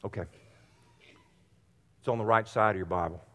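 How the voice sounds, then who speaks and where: A man's voice: lowish voice, moderate pace, bright, forceful tone. A man preaching a sermon as pastor, earnest and direct with his congregation, repeating phrases for emphasis. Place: church sanctuary. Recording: long hall reverb.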